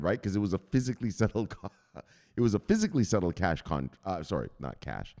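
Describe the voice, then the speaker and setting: A man hosting a crypto news show, explaining in a rambling, excitable way, often laughing and correcting himself. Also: deep voice, fast. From United States. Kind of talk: casual explainer monologue.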